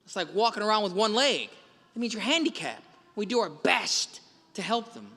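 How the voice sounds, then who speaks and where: Bright-voiced priest preaching in church. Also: male voice, sits high, sing-song, normal speed. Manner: storytelling, retells film scenes with quoted lines. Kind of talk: Sunday homily. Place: large church. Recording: long church reverb.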